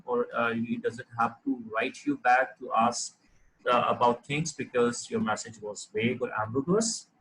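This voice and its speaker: A man teaching a lesson on clear writing, explaining examples step by step with frequent fillers and restarts. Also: mid-range voice, a bit bright, poor audio. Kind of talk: lecture on writing.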